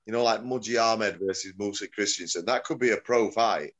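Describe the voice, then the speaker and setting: A man's voice: fairly low pitch, brisk, fairly bright tone. A middle-aged man, a combat-sports promoter chatting as an interview guest, rambling and correcting himself as he goes. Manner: rambling, self-correcting, chuckling. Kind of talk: casual interview chat.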